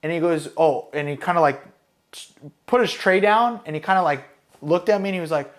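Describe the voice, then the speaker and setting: A man's voice: a little high, a little fast. Profane, rambling veteran man. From Los Angeles County, California. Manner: profane, rambling, with many fillers. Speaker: Marine combat veteran guest. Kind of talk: casual storytelling.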